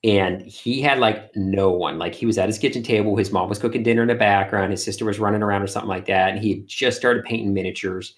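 A man, an art streamer, chatting in an interview and telling animated stories full of fillers. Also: lowish voice, quick pace, hardly any pauses. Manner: animated storyteller, many fillers. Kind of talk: casual interview chat.

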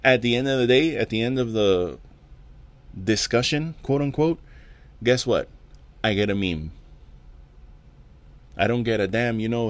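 A man's voice: fairly low pitch, moderate pace, pauses often. A man hosting his own podcast, ranting alone in a profane, exasperated way and often repeating words. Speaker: podcast host. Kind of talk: casual solo rant.

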